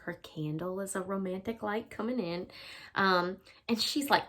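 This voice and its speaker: A woman's voice: medium pitch, moderate pace. A woman English teacher giving a chatty literature lesson, explaining with casual fillers.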